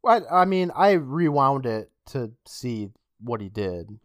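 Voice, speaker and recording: A man co-hosts a podcast, recapping a TV episode in casual chat and animatedly acting out the characters' lines, laughing along with the quotes. His voice is medium-pitched and slow, and the recording is dry, with a clean studio sound.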